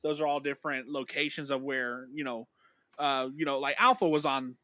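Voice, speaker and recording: A man chatting eagerly on a fan podcast, quick to agree. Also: medium pitch, bright, forceful tone, dry recording. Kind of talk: casual fan chat.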